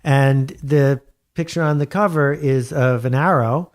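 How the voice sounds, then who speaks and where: Picture a man in a home studio talking as an author being interviewed, with a voice of ordinary depth. His delivery is wry and animated, and he hammers points home by repeating them. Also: mid-range voice, measured pace. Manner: animated, wry storyteller with emphatic repetition. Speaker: guest author. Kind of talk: conversational interview.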